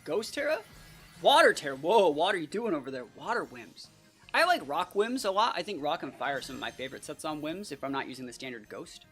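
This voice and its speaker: A young adult giving casual, excitable live gameplay commentary as a channel host, full of "like" and "bro". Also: mid-range voice, a little fast, faint music behind. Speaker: competitive battle player and channel host.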